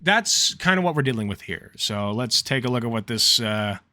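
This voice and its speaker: An excitable, sarcastic man reacting to a video in casual commentary. His voice is bright and sharp and swings widely in pitch. The sound is dry and close. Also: moderate pace, no room sound. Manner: excitable and sarcastic, with sudden outbursts.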